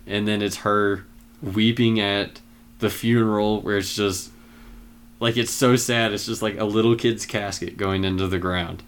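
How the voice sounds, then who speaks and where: A man casually retelling film scenes in a relaxed chat, with many fillers. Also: on the low side, a little slow, smooth.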